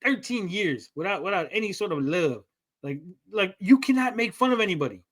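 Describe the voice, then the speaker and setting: A man hosting a live stream, ranting in casual banter and mocking people with quick impressions. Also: high-pitched, very animated, a bit bright. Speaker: stream host.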